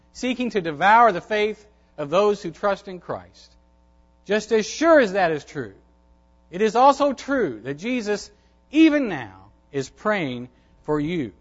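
High-pitched guy preaching, leans on repeated phrases, kinda muffled lo-fi sound. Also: sing-song, measured pace, fairly bright tone. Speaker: pastor. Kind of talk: sermon.

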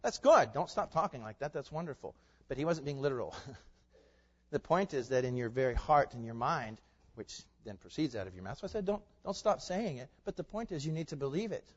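A man preaching a sermon, animated, with loud emphatic peaks and laughing asides. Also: mid-range voice, fairly quick. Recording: dull reverberant hall sound.

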